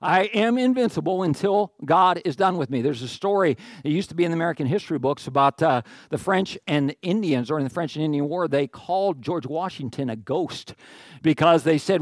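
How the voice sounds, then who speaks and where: A middle-aged man preaching a sermon, animated, with jokey asides and quoted voices acted out. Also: fairly high pitch, brisk, no room sound, clean studio sound. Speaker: pastor.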